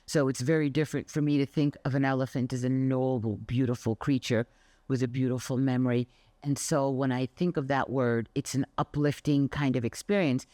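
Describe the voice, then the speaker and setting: A woman's voice: very deep voice, a little fast, dry recording. Emphatic older woman, Pilates coach. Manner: emphatic and expressive, acts out anecdotes. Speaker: Pilates instructor. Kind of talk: motivational monologue.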